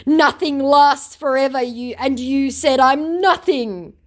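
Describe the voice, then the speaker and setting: A woman voicing a smug male online scammer in a slow, mocking sneer. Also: sits high, pitched above the performer's own voice.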